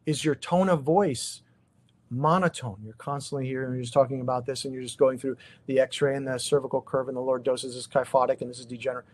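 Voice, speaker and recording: A middle-aged man, a chiropractor, giving an informal seminar talk to colleagues, conversational and animated, firing off rhetorical questions at his listeners. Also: mid-range voice, quick pace. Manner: animated, asks the audience many rhetorical questions; loose, conversational, with frequent restarts. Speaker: chiropractor presenting a practice seminar.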